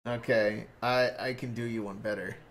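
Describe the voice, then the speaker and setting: Bright-voiced rambling man. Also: on the low side, fairly even intonation, normal speed. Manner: rambling storyteller, many fillers, mimics voices. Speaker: co-host. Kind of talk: casual chat on a stream.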